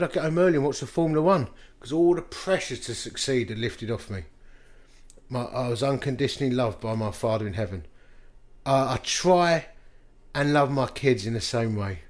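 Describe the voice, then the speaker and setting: A pastor in his fifties delivers a rapid-fire sermon with a mid-range voice, chuckling as he tells stories that poke fun at himself.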